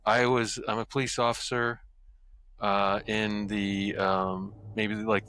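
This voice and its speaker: A man's voice: lowish voice, level tone, slow, bright, forceful tone, a little hiss or hum. A man playing a two-person tabletop role-playing game, casually and playfully improvising his character's story. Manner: playful, improvises story ideas, jokey questions. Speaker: player.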